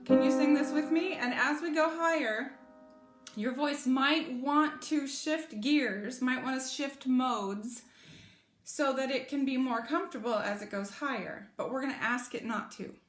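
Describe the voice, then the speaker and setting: A woman's voice: sits high, measured pace. A woman teaching a singing lesson, patiently explaining and demonstrating vocal sounds. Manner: patient, encouraging, demonstrates with sung vowels and cat meows. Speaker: choir voice teacher. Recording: echoey room with music in the background.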